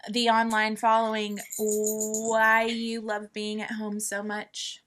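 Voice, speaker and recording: A woman's voice: mid-range voice, slow pace. A middle-aged woman hosting a casual family chat, telling stories animatedly and acting out the quotes. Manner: animated storyteller, acts out quotes loudly. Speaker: podcast host and mother.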